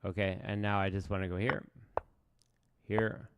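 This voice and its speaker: A man's voice: on the low side, level tone, moderate pace, noisy background. A man streaming chess live, thinking aloud as he plays in a casual, self-mocking way. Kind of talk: casual live game commentary.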